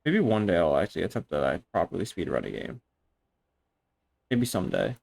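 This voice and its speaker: A young man chatting casually on a live stream, excitable and rambling, swearing often and restarting his sentences. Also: deep voice, a little fast, vocal fry, slight background noise.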